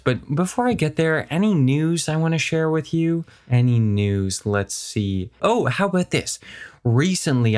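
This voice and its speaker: A man hosts a comedy podcast, talking alone in a playful, rambling way. He keeps making self-mocking asides, and his voice jumps up and down while his pace speeds up and slows down. His pitch sits in the middle range for a man. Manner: lively swings in pitch and pace. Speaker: podcast host. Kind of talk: comedic solo monologue.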